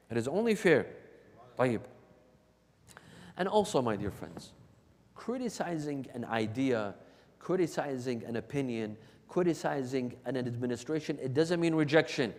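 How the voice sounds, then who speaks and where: A man's voice: mid-range voice, lively intonation, moderate pace, a little mellow. A man giving an emphatic sermon, repeating key phrases for stress. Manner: emphatic and repetitive, restating points for stress. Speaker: religious lecturer. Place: large hall of a religious center. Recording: long hall reverb.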